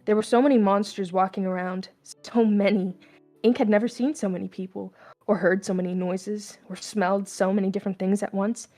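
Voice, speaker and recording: A woman's voice: medium pitch, fairly even intonation, brisk, dark tone, soft background music. Casual young woman reading fan fiction aloud. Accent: mixed, slipping toward Southern US. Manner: casual, stumbling, laughing asides.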